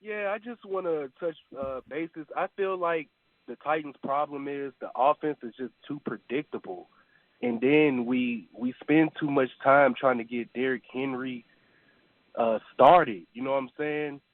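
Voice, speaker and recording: A man's voice: mid-range voice, unhurried, no echo. Male radio caller, tinny phone line, rambling with fillers, dry close sound. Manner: rambling, hesitant, lots of fillers. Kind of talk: call-in radio chat.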